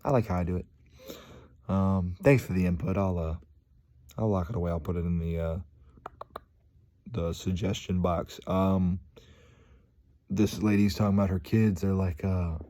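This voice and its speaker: A young man with a low voice rambles loosely to his viewers, scattering fillers and "dude" through every thought. His tone is dark and mellow, relaxed and unpolished. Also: normal speed, pauses often. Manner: rambling and slangy, many fillers, says "dude". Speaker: vlogger. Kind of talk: casual vlog monologue.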